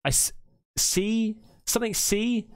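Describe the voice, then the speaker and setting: A man hosting a reaction video, talking in excitable, rambling casual commentary and swearing freely. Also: high voice, slow, clean tone, dry recording, clean studio sound. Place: hot indoor room.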